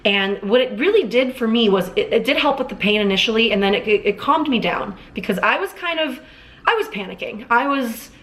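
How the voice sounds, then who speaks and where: A woman's voice: a little high, animated, brisk, a bit bright. A young woman in her twenties recounting a personal ordeal straight to camera. She rambles in a casual, filler-heavy way, doubling back and restarting her sentences as she goes. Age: 20s. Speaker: vlogger. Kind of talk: emotional storytelling to camera. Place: Los Angeles.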